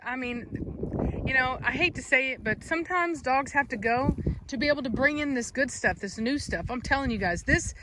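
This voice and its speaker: A woman's voice: high-pitched, moderate pace. A woman, a dog breeder chatting casually on her vlog and cooing baby talk at her dogs. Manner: coos baby talk at the dogs, calls them loudly. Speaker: dog breeder and channel host. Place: outdoors with dogs. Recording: noisy outdoor recording.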